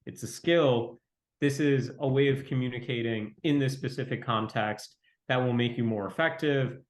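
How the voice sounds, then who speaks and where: A man speaking as an interview guest, talking quickly in a fairly flat, reflective way. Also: mid-range voice. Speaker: venture capitalist guest. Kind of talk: conversational interview. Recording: roomy echo.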